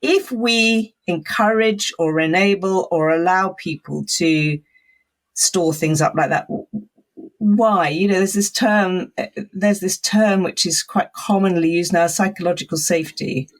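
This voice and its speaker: A woman's voice: lowish voice, measured pace. A woman being interviewed as an expert guest on a podcast, explaining things in a thoughtful, conversational way with frequent laughs.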